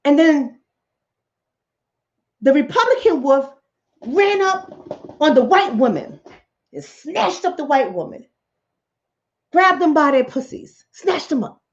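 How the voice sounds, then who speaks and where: A woman hosting her channel, telling a political fable and acting out each character's lines in a lively storytelling manner. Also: sits high, slow pace, long pauses, dull audio. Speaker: channel host, relationship coach. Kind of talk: political commentary told as a fable.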